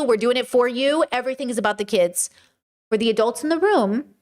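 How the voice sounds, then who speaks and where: A livestream host with a high, ringing voice delivers a fiery monologue, hammering each point home with blunt profanity. The tone is lecturing and insistent, and the host breaks off now and then to answer viewers in the chat. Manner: reads and answers chat comments.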